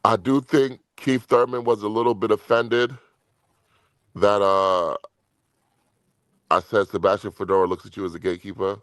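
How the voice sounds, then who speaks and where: Low-voiced guy hosting a boxing show, blunt, swears a lot, dry close mic. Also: little pitch movement, a bit bright, no room sound. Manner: blunt, profane, rapid. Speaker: boxing podcast host. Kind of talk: casual chat.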